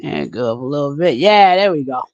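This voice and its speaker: A man's voice: fairly high pitch, lively intonation, a little fast, no echo, lo-fi sound. A man co-hosting a casual talk stream, reading viewer comments and rambling with lots of repeated words. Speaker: podcast co-host.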